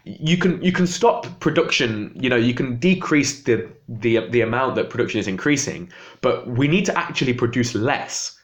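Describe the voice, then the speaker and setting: A man's voice: medium pitch, expressive, normal speed. A young man venting in an impassioned political rant to camera, exasperated and agitated. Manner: agitated, exasperated, voice jumping up when upset. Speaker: vlogger.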